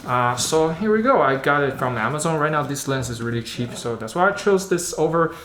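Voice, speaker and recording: A man doing a casual unboxing vlog about camera gear, chatting in a halting way and thinking aloud as he handles the lens. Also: fairly high pitch, expressive, heavy background noise. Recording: roomy echo.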